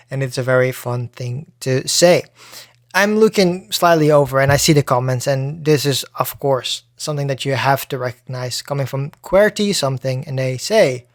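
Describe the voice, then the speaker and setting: Hosting a solo podcast, a man talks in a mid-range voice with lots of swearing and frequent restarts, keeping the chat loose and casual. The sound is studio quality with no echo.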